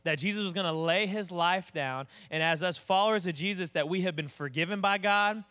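A man's voice: high voice, a little fast, bright, forceful tone, clear, resonant tone. A man preaching a sermon, conversational and direct, asking the congregation questions. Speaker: pastor.

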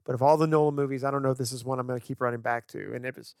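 A man co-hosting a podcast, chatting about movies with enthusiastic, animated storytelling. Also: medium pitch, racing, gravelly, clean tone, no room sound, studio quality. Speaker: podcast co-host. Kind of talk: casual film discussion.

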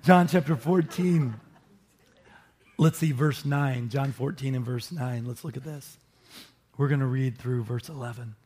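A man preaching a sermon, teaching with animated emphasis and joking with his listeners. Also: mid-range voice, moderate pace. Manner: animated, rises sharply for emphasis, jokes with listeners. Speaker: pastor.

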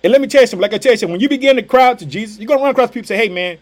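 A man preaching a fervent, energetic podcast sermon in casual street phrasing, often crying out hallelujah. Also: very high-pitched, racing. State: pumped up.

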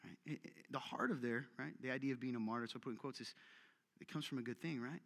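A man's voice: medium pitch, quick pace, vocal fry. A male pastor preaching a conversational sermon, joking with his audience and acting out the voices he quotes. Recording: long hall reverb.

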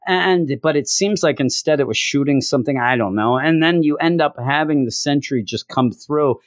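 A man's voice: a little high, moderate pace, no room sound, studio quality. A man giving a rambling, casual comic book review and often acting out the characters' lines as he goes.

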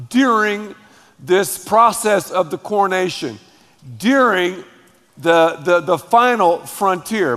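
A pastor preaching a sermon, emphatic and dramatic, calling on the congregation to repeat after him. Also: male voice, sits high, a bit bright. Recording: long hall reverb.

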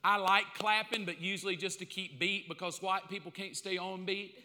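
A man preaching a sermon with comic asides, bursting into loud acted-out calls now and then. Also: high voice, normal speed, noisy background. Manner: comic, animated, acts out quotes in loud bursts. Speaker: pastor. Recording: long hall reverb.

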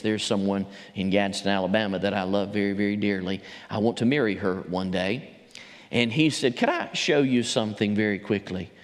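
A man preaching a sermon as pastor. He tells a story, then builds to emphatic preaching. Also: medium pitch. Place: church sanctuary. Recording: long hall reverb.

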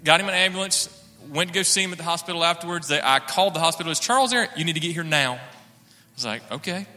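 Bright-voiced man telling a church testimony. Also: fairly high pitch, steady tone, fast talker, big-room sound, faint music behind. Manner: earnest storytelling, acts out dialogue. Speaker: church member sharing testimony.

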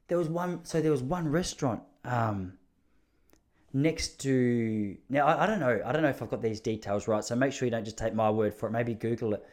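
An Australian man telling funny stories in a loose, meandering way, often poking fun at himself. His voice sits at an ordinary mid pitch. He sounds casual and chatty, like he is talking to listeners on a podcast. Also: normal speed, a little mellow. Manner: rambling, self-mocking, chatty. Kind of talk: casual comic storytelling monologue.

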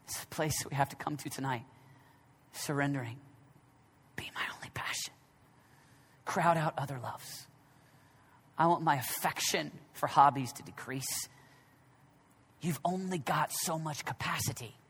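Pastor guy preaching in a big reverby church, high bright voice, goes from hushed to yelling. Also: a little slow, pauses often, breathy edge. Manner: swings from hushed, near-whispered reflection to loud, shouted exhortation. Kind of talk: sermon. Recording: long reverb of a large hall.

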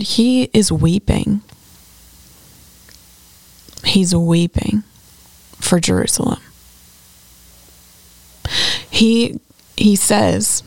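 A woman's voice: on the low side, creaky, darkish tone, no room sound. A woman teaching a casual Bible study, talking in an earnest, conversational way and quoting scripture with feeling.

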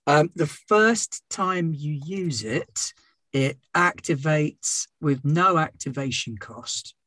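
A man narrating and explaining rules as game master of a tabletop game, measured and calm. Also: fairly high pitch, no echo.

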